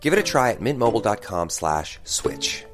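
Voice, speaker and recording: A man reading a comic radio ad with a punchy, deadpan jokey delivery. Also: lowish voice, moderate pace, faint music behind. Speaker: ad spokesman.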